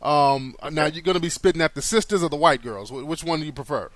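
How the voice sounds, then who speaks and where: A man hosting a call-in radio show, talking casually and giving drawn-out advice with many pauses and ums. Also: a little high, fairly bright tone, no echo. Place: studio.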